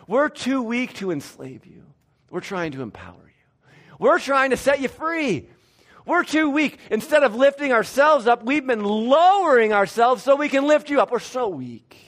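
A man's voice: extremely high pitch, very animated, normal speed, a bit bright, pitched above the performer's own voice, full character voice. A man voicing a sarcastic figure who mocks how easily his listeners are fooled, in a raised, biting voice.

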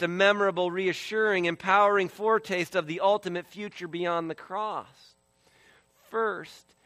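A male preacher with a bright, forceful tone and a slightly raised voice. He delivers his sermon with big swings, driving some phrases loud and dropping others to a hush. The sound is close and dry, with no room around it. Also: a little high, dry recording. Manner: dynamic delivery swinging from loud emphasis to hushed near-whisper; acts out voices of biblical figures in quotes. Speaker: pastor.

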